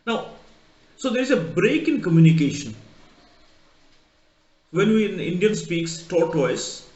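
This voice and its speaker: A man's voice: on the high side, a little mellow. A male college lecturer explaining pronunciation, spelling words out letter by letter and telling short anecdotes. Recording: echoey room, dull lo-fi sound.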